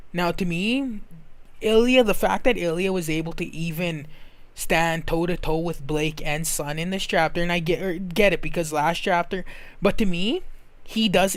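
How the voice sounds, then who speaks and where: Smooth-voiced man recapping an episode. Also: a little high, no room sound. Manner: rambling, self-correcting, recounts scenes. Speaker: show reviewer. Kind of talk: casual recap and review.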